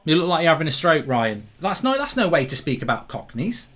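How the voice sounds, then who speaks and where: A man hosting a live football watchalong, reacting excitably to the play and reading out viewer comments. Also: on the high side, brisk. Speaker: host.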